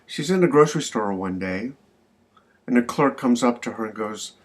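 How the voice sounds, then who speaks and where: A man's voice: medium pitch, lively intonation, normal speed. Older man telling a folksy joke. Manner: folksy, friendly storytelling. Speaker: joke teller. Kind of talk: casual spoken joke message.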